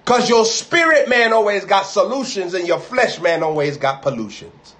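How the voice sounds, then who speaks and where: A man preaching a live sermon, emphatic and rising to loud, high peaks on key words as he repeats and builds phrases into lists. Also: lively intonation, normal speed, hardly any pauses.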